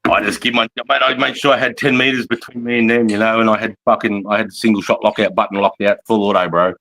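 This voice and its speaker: A man's voice: fairly low pitch, steady tone, fast talker, creaky, bright, forceful tone, poor audio. A man in his forties with an Australian accent, an army veteran telling war stories in casual chat, rambling and swearing constantly with plenty of "mate" and "bro". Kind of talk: casual storytelling.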